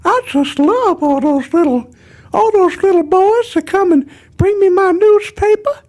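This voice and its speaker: A man's voice: very high-pitched, measured pace, darkish tone, pitched above the performer's own voice. A man voicing a creepy, crotchety old cartoon man with a whiny, quavering voice.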